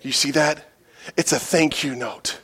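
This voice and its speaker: A middle-aged male pastor preaching a sermon in a church, with call-and-response lines that build to loud, emphatic peaks. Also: on the high side, steady tone, measured pace, breathy edge.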